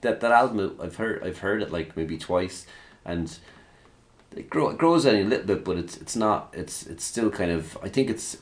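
A man's voice: low-pitched, animated, moderate pace. A man in casual chat, laughing often and acting out quotes as he tells stories.

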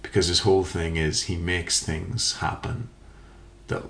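A man's voice: sits low, steady tone, measured pace, vocal fry, fairly bright tone. A man in casual podcast chat, rambling, swearing and laughing often.

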